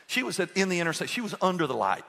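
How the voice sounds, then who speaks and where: An older man preaches to his congregation with lively, humorous storytelling, firing questions at the room. His voice sits slightly high and moves through a wide, expressive range. A long church reverb trails behind every phrase. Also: very fast, vocal fry. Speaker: pastor. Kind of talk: sermon. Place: church sanctuary.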